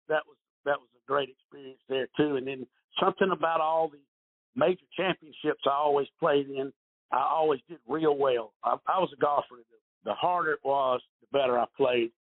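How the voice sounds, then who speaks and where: An older man telling rambling golf stories in a podcast interview, with many restarts, heard over a phone line. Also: fairly high pitch. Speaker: golf pro guest.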